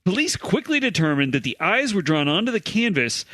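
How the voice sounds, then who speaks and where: A man with a bright, fairly high voice reads offbeat news stories aloud on a podcast. He tosses in dry jokes between the lines, and his delivery moves up and down a lot. The sound is close and dry. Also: big pitch swings, fairly quick, no room sound. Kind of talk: casual comedy chat.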